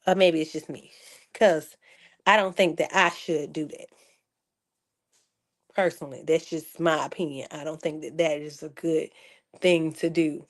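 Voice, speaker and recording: A woman's voice: low-pitched, steady tone, measured pace, long pauses. A young adult woman chatting casually to her viewers as a vlogger, sarcastic and talkative, calling them y'all.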